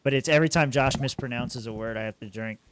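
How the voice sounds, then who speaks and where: A man's voice: medium pitch, quick pace, noisy background. A man hosting a podcast in easygoing casual chat, laughing often. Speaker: podcast host.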